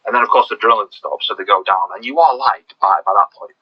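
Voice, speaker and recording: Guy on a podcast gushing about a show, kinda husky, low-ish voice, muffled lo-fi sound. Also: fast talker. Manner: excited, rambling with many restarts. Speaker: podcast co-host. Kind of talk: casual podcast chat.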